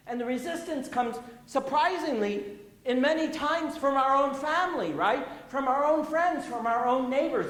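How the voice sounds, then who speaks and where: High-voiced pastor in an echoey church. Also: male voice, a bit bright. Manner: folksy storytelling with chuckles and repetitions. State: a little out of breath. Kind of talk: sermon. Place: church sanctuary. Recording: roomy church echo.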